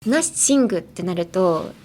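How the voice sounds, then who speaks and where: A woman's voice: medium pitch, animated, moderate pace. A woman hosting an English lesson podcast in a radio studio, chatting casually, laughing often and acting out playful pronunciation demos. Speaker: English teacher host. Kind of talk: casual teaching chat.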